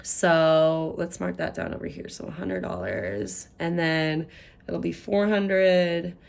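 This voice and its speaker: A woman's voice: on the low side, slow pace, creaky. A young woman casually walking through a budget, chatting and thinking aloud as she works out the sums. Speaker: budgeting vlogger.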